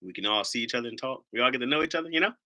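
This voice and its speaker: Joking, rambling man with a bright voice. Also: mid-range voice, expressive, racing. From Ohio. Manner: rambling, joking, swears freely. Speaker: live streamer host. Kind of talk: casual live-stream chat.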